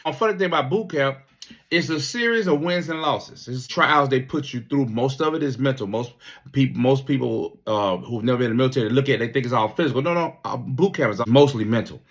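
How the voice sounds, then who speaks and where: A man's voice: medium pitch, fairly quick. A man in his fifties, a Navy veteran, telling a story casually with a lot of profanity and repeated words. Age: 50s.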